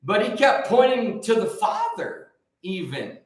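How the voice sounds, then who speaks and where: A man hosting a show and preaching casually, joking and rambling with lively energy. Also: sits high, unhurried. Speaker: host and preacher. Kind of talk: casual live preaching talk. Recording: very echoey room.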